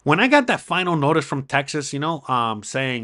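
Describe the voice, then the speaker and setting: Profane, ranting middle-aged man, higher voice. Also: very animated, moderate pace, few pauses, pushed and bright. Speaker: podcast host; criminal attorney. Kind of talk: casual monologue to viewers.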